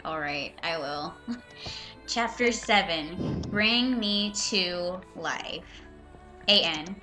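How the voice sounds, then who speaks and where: A woman's voice: fairly low pitch, animated, extremely slow, bright, forceful tone, soft background music. A young woman reading a bad story aloud for laughs, breaking off with sarcastic, mocking asides. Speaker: reader and commentator. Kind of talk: comedic reading with commentary.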